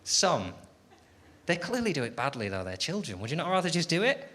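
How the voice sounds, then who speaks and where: A man's voice: on the high side, brisk. A man doing sardonic stand-up comedy, swearing freely and chatting with the crowd on a theatre stage. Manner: sardonic, lively, swears a lot, chats with the crowd. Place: theatre stage before a laughing audience. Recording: live show with loud crowd noise.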